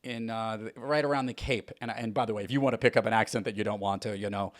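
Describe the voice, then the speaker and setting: A man's voice: lowish voice, fairly even intonation, fast talker. A man from New York hosting a podcast, asking playful questions in casual chat, often restarting his sentences. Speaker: podcast host.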